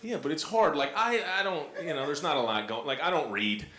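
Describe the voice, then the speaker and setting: A young man does a stand-up set in a rambling, self-mocking way, full of fillers. His pitch swoops up and down a lot. The sound is roomy and echoey, with crowd noise in the background. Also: very animated, brisk. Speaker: stand-up comedian. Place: comedy club stage with audience. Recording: echoey club, audience noise.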